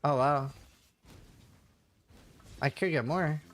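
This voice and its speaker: A man talks to his live chat during a game stream, joking and answering messages as they come in. His voice sits high and sounds bright and forward. He keeps the tone light and chatty. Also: slow. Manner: chatty, jokey, reads and answers chat aloud. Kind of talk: casual chat with live viewers while gaming.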